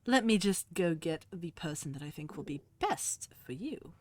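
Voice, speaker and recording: A woman voicing a brisk, businesslike male shop clerk in a tabletop game. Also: fairly high pitch, animated, a little mellow, no room sound, natural voice. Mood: announcing.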